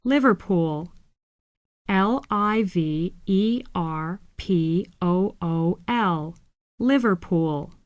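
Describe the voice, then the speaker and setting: A woman reading scripted exam audio, spelling each word slowly and carefully, letter by letter. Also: lowish voice, no room sound, studio quality.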